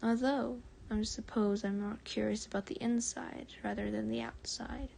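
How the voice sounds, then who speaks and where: A woman reading the lines of a calm, reserved male warrior in a soft, near-whispered voice. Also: fairly high pitch, normal speed, gravelly, slight background noise. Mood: curious.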